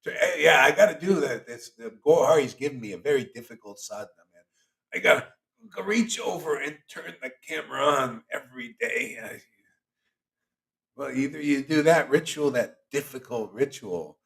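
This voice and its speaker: A man's voice: medium pitch, lively intonation, normal speed, creaky, a bit bright. A man hosting a devotional livestream who preaches in a casual, slangy, teasing way and laughs often. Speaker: spiritual teacher hosting a chanting session.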